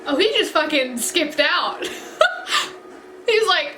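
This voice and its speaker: A woman's voice: high-pitched, big pitch swings, very slow, sharp tone, a little hiss or hum. A young woman hosting a reaction video, talking casually and exclaiming and pleading at what she watches. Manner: emotional, exclamatory, pleading with the screen.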